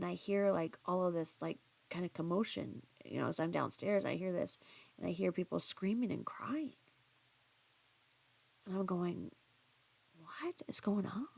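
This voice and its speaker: Gravelly low-voiced woman telling a story. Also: darkish tone. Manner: rambling, chatty, with frequent restarts and asides. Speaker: vlogger. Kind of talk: casual storytelling monologue.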